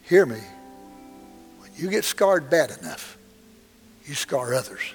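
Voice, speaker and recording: A man's voice: on the high side, lively intonation, slow, long reverb tail, soft background music. A man voicing a stern army captain who later becomes a remorseful father, speaking bluntly and then pleading.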